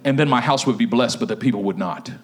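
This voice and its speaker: A man's voice: medium pitch, quick pace, pitched below the performer's own voice, natural voice. A man voicing God as a stern, commanding figure who chides a prophet. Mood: solemn.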